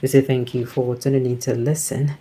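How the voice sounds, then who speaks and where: A man's voice: mid-range voice, level tone, a little fast, warm tone, slight background noise. A Nigerian man hosting a news commentary show, reading out viewer comments and adding his own remarks, often slipping into Pidgin asides.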